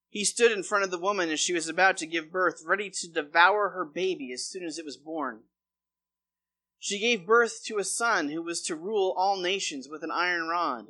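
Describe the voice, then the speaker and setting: A man's voice: fairly high pitch, pushed and bright. A man preaching a sermon as pastor, reading a long scripture passage aloud before explaining it.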